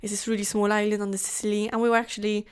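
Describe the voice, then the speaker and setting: A young woman from Malta with a Maltese English accent, chatting as an interview guest with animated asides. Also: mid-range voice, racing, smooth. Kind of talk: casual interview chat.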